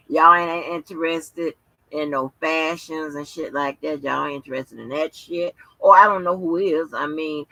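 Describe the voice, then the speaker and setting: A woman's voice: low voice, pushed and bright, no echo, rough recording. A tired woman hosting a livestream, chatting loosely with viewers, swearing freely and talking through lots of fillers. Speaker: livestream host. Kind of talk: casual livestream chat with viewers.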